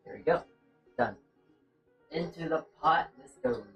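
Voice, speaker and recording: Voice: mid-range voice, animated, a little slow, lo-fi sound. A streamer cooking in a home kitchen, chatting casually to viewers and to themself while reading chat. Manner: rambling, chatty, talks to self and chat. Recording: distant mic with music behind.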